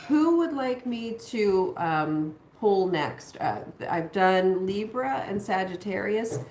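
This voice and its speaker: A woman doing a live tarot reading, talking in a reassuring way and thinking aloud with pauses. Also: mid-range voice, lively intonation, darkish tone, roomy sound, slight background noise. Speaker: tarot reader.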